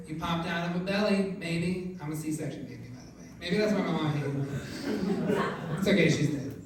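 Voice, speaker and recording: A middle-aged man doing a stand-up set, rambling through fillers and bursting into loud outbursts, with a voice people on the phone take for a woman's. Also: on the high side. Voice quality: voice often taken for a woman's on the phone. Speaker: stand-up comedian. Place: comedy club stage. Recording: echoey club, distant mic, noisy.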